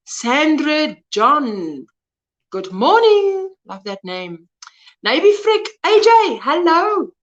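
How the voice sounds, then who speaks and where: A woman's voice: sits high, fairly bright tone. A woman, hosting a casual livestream and greeting viewers by name as she reads the chat aloud. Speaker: crochet livestream host.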